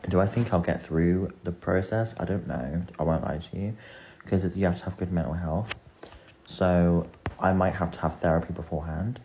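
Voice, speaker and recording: Earnest low-voiced speaker, lo-fi mic. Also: male voice, moderate pace, slight background noise. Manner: rambling, earnest, confiding. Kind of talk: casual live-stream chat.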